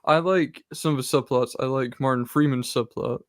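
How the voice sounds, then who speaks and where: A man's voice: medium pitch, normal speed, no room sound, studio quality. A man co-hosting a casual film podcast, thinking aloud hesitantly as he guesses films. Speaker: podcast co-host. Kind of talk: casual chat.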